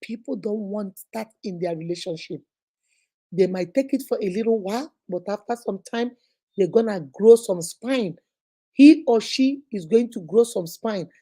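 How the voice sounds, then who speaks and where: A woman's voice: mid-range voice, moderate pace, mellow. A middle-aged woman hosting a live relationship advice talk, emphatic and preachy, acting out little scenes as she speaks to viewers.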